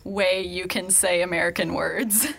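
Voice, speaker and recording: A woman's voice: fairly low pitch, fairly even intonation, measured pace, gravelly, a bit bright, slight background noise. A woman co-hosting a podcast in casual chat, giggly and teasing. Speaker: podcast co-host.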